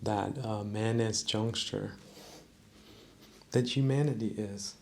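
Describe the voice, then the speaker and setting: A man hosting a podcast, musing in a slow, preachy mock-sermon monologue with a gravelly voice. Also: fairly low pitch, steady tone, darkish tone, a little hiss or hum. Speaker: podcast host. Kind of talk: rambling comedic monologue.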